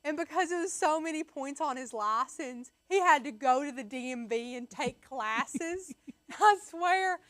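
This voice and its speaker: A young woman with a high, bright voice rambles through stories in a casual chat, acting out what others said and laughing as she goes. The sound is dry and close, with no room behind her. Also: expressive, measured pace, dry recording. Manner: chatty storyteller, acts out quotes, laughs often. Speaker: co-host.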